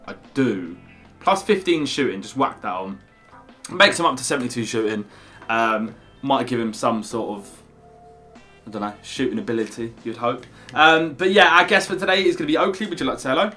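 A man's voice: mid-range voice, fairly quick, bright, forceful tone, faint music behind. A young man hosting a gaming video, chatty and upbeat, often calling his co-host "mate". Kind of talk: casual gaming video commentary.

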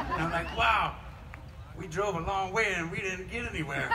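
A man with a Louisiana Southern accent, a blues musician joking with the crowd from an outdoor festival stage in a relaxed drawl. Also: a little high, very noisy. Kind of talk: stage banter between songs. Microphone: stage vocal mic. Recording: live concert, loud band music. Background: loud live band music.

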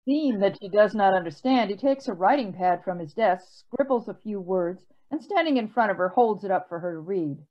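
A woman calmly reading stage directions in a play, recorded muffled. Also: medium pitch, fairly quick, few pauses.

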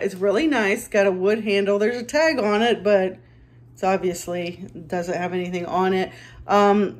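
A woman who resells items part-time, chatting casually and upbeat to her viewers as she shows what she sold, with a self-deprecating streak. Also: lowish voice.

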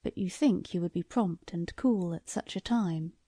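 A woman voicing a soft, lowered, shrewd old lord. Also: normal speed, breathy edge, dry recording. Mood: probing. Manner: courteous, probing, soft-spoken. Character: shrewd eager older lord, small man.

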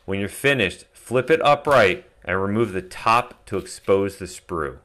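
A man calmly narrating a step-by-step metal casting tutorial as a voice-over. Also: fairly low pitch, measured pace. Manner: calm step-by-step explaining. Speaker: DIY metal casting channel host.

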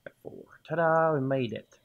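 Narrow, tinny audio carries a man's voice on the high side at a moderate pace. He hosts a gaming video, playing casually while chatting to items, muttering under his breath, and celebrating when things go right.

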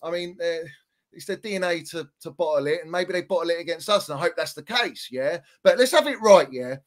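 A man ranting as a Chelsea fan pundit, swinging between shouting and muttering in animated football banter. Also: a little high, a little fast.

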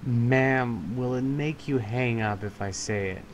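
Slow calm tech support guy, deadpan, bit of faint noise behind. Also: medium pitch. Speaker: tech support agent in a prank call. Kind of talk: deadpan prank call role-play.

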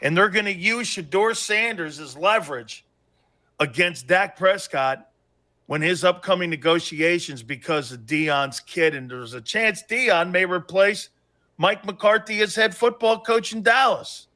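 Bright, excitable man telling stories. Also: sits high. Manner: excitable, rapid anecdotes. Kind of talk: animated storytelling chat.

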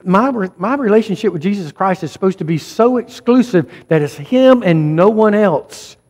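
A man's voice: high voice, expressive, normal speed, darkish tone, in a large hall. A man preaching a sermon as pastor, speaking emphatically and often urging the congregation directly. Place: church sanctuary.

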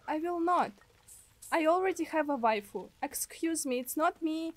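A young woman from Russia with a Russian accent, chatting with viewers in an excitable, giggly way while streaming a game from a desk mic. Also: high-pitched, unhurried, a little hiss or hum. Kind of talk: casual gameplay livestream.

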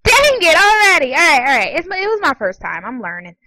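A woman giving casual, excitable commentary while playing online games, often giggling and squealing. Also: sits high, fast, no echo, poor audio. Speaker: gaming channel host.

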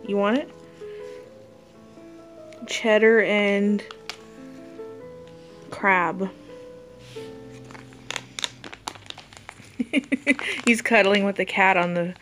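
A woman's voice: medium pitch, fairly even intonation, slow pace, pauses often, a bit bright, soft background music, low-quality recording. A woman in a casual pet vlog at home, cooing baby talk at her cat and laughing often. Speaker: pet vlogger.

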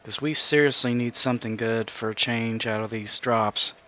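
A man's voice: mid-range voice, steady tone, normal speed, bright, forceful tone, lo-fi sound. A man hosting a co-op survival game video, chatting casually with friends and chuckling often. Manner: chuckles often, wry asides. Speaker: gaming channel host. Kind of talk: casual co-op gameplay chat.

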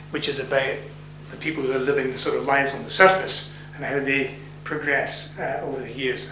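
A middle-aged Scottish man reading from his novel at a live event, measured in the reading and hesitant in his asides. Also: medium pitch, bright, forceful tone. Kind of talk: public reading and talk. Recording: echoey hall with faint hum.

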